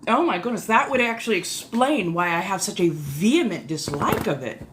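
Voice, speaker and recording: A woman's voice: mid-range voice, big pitch swings, fairly bright tone, slight background noise. Theatrical woman with an old colonial accent. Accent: put-on old colonial mix of English, Scottish and Irish. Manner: theatrical, genteel, answers chat with drawn-out exclamations. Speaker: live streamer. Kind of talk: casual live chat in a vampire persona.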